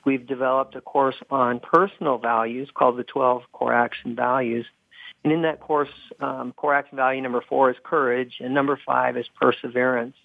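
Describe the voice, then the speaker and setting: A man's voice: medium pitch, little pitch movement, normal speed, creaky, dry recording. A man being interviewed as a guest, speaking thoughtfully with a few restarts. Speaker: guest, coach and former hospital executive. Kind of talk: phone-in interview. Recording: tinny phone line.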